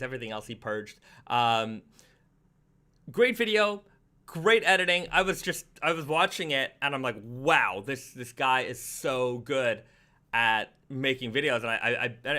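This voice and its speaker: A man's voice: fairly high pitch, sharp tone. A man hosting a casual live stream from home, chatting with viewers and often repeating words as he restarts sentences. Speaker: livestream host.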